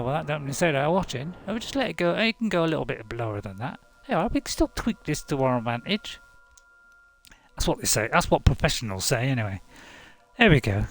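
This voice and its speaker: Middle-aged guy rambling thru a game, gravelly voice that swoops up and down a lot. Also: on the high side, slight background noise. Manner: rambling, chatty, chuckling asides. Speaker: gaming channel host. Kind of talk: casual gameplay commentary.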